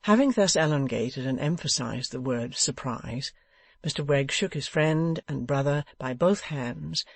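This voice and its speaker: In an echo-free recording, a man reads a classic novel as an audiobook, his mid-range voice steady and measured.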